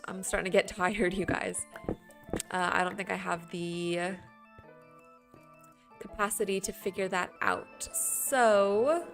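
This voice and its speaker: A woman's voice: medium pitch, takes it slowly, vocal fry, long pauses, soft background music. A woman streaming a building game, chatting with her viewers in a rambling, playful way and laughing often. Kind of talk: casual chat with stream viewers while building.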